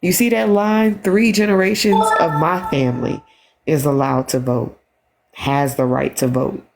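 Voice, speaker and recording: A tired woman talking on a phone livestream, halting and repeating herself as she speaks with emotion. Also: low-pitched, flat delivery, vocal fry, slight background noise. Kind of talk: emotional casual livestream talk.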